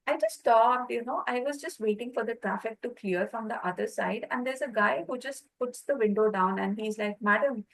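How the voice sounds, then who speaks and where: A woman teaching a Reiki class, telling personal stories in a lively way and acting out the voices of the people in them. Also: fairly high pitch, moderate pace, gravelly, hardly any pauses, low-quality recording. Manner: lively storyteller, acts out quoted voices.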